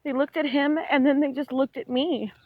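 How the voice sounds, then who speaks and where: A woman vlogger recounting a dream as she walks outside, telling it in a rambling, animated way with lots of "like". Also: high voice, moderate pace, background noise. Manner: rambling, animated storytelling full of "like". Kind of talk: walk-and-talk dream retelling. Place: outdoors on a street while walking. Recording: dull lo-fi recording.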